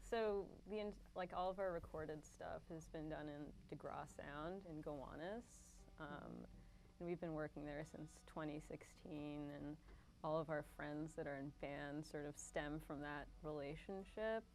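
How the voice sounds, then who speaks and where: A woman from a band answering interview questions casually, relaxed and a little hesitant. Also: sits low, measured pace, poor audio.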